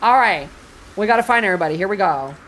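A young woman streaming a horror game, chatting with sassy, profane slang and reading the game's lines aloud, going from low mumbles to sudden shrieks. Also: lively intonation, fast, a bit bright, soft background music. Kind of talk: casual live-stream commentary, reading game dialogue aloud.

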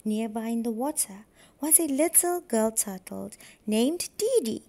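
Woman, preschool teacher, storybook read-aloud, slow and careful, high voice. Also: expressive, warm tone. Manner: slow, clear, careful reading.

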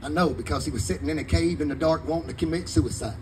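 A man's voice: a little high, fast talker, a little mellow, slight background noise, rough recording. A man, preaching fervently in a sermon to a live congregation. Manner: fervent preaching in Southern vernacular. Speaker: pastor.

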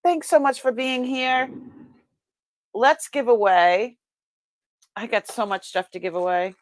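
A woman's voice: a little high, steady tone, unhurried, no echo. Chatty Boston woman hosting a live stream. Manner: chatty, greets viewers by name, laughs often. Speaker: live sale host. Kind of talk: casual live-stream chat.

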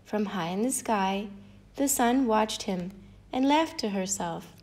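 A woman narrating a children's fable in an expressive, lilting read-aloud manner. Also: mid-range voice, takes it slowly. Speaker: storyteller. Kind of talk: storybook narration.

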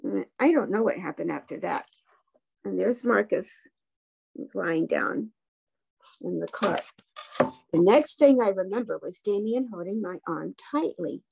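A woman reading a children's story aloud for a book club, gently voicing the characters' lines. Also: mid-range voice, expressive, measured pace, creaky, pauses often, slight background noise. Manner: gently voices the characters' dialogue.

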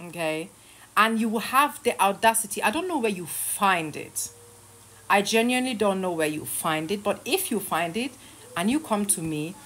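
A woman's voice: on the high side, a bit bright. Sarcastic, heated woman in her thirties ranting. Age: 30s. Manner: sarcastic, heated, swearing, laughing between jabs. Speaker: online creator. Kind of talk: casual rant to camera. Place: lying in her bed at home.

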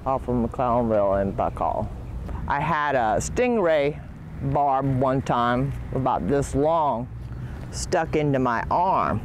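A man who farms clams, telling a story in a matter-of-fact interview outdoors. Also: mid-range voice. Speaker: clam farmer. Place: outdoors by the water. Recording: outdoor noise behind.

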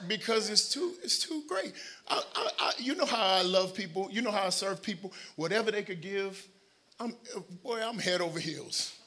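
Man, pastor, high voice, very bright tone, animated sermon, shouting and joking. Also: moderate pace. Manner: animated preaching, swings from shouting to quiet asides, joking with the congregation. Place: church sanctuary.

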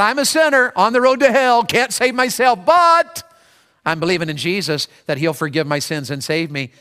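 Emphatic high-voiced man preaching. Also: fairly bright tone, long reverb tail. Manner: emphatic, acts out prayers in a raised voice. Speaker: pastor. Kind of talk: sermon. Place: large church sanctuary.

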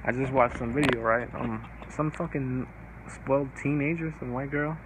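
A man's voice: mid-range voice, fairly even intonation, moderate pace, background noise. A man ranting to his viewers in a casual vlog, angry and profane, repeating himself as he vents. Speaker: vlogger.

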